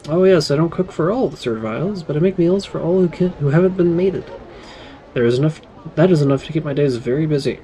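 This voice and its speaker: A man's voice: a little high, lively intonation, fast talker, warm tone, low-quality recording. A man voicing a bustling female servile cook in a game, chatty and fussy.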